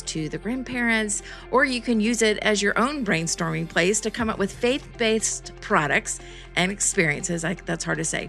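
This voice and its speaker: A woman's voice: mid-range voice, pushed and bright. A woman hosting a podcast, telling a story in a chatty, self-deprecating way with bursts of laughter. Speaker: podcast host.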